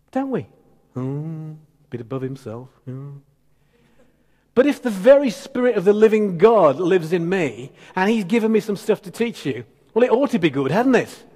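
A man preaching a sermon as pastor, emphatic and animated with conversational asides. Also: sits high, slightly rough. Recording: long church hall reverb.

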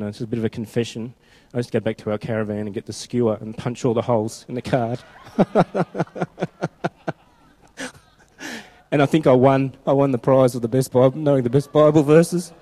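A man preaching a chatty, informal sermon who slows down when reading scripture aloud. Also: mid-range voice, warm tone. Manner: conversational and chatty, slowing down for scripture quotes.

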